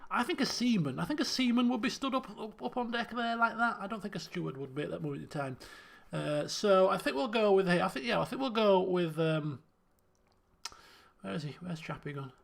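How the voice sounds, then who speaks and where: A man commentating a game stream in a high, raised voice with a gravelly edge to it. He mutters to himself and reasons aloud as he puzzles over clues. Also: lively intonation, fairly quick, fairly bright tone. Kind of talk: let's play commentary.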